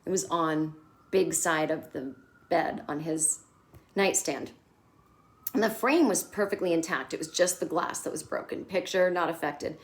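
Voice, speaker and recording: A woman's voice: sits low, measured pace. Candid, sarcastic woman recapping TV. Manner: candid, sarcastic, swears freely. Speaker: comedian host. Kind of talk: casual TV recap chat.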